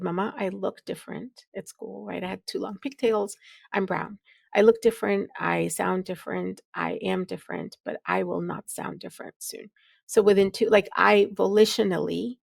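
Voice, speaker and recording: Her voice is medium-pitched and husky with vocal fry, recorded without echo. As a podcast guest and physician leader in a conversational interview, this middle-aged Midwestern American woman speaks candidly and reflectively, laughing readily and often starting her sentences over.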